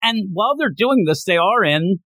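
A man's voice: sits high, normal speed, no echo. A man hosting a podcast, casually recapping a comic and acting out its scenes as he goes. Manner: animated storyteller, acting out the scenes. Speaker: podcast host.

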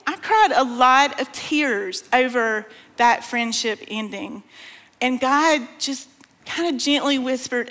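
A woman preaching to a conference crowd, her fairly high voice carrying a long reverb from a large hall. She talks in a folksy way, calls her listeners "y'all", and reads scripture aloud with feeling. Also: slow pace, a bit bright. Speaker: speaker at a women's conference. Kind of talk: sermon.

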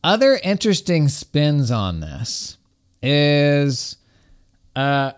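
A man's voice: fairly high pitch, big pitch swings, extremely slow, smooth. A man in his thirties hosting a casual talk show from his home garage, chatty and enthusiastic, peppering his talk with "like" and "right?". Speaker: podcast host. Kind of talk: casual software commentary.

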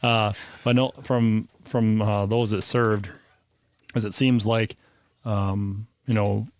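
A man hosting a podcast, asking relaxed follow-up questions in casual conversation. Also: on the low side, takes it slowly. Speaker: podcast host. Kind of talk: casual interview chat.

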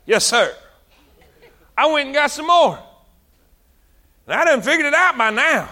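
A man preaching a sermon, animated, drawing out words for emphasis. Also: very high voice, measured pace.

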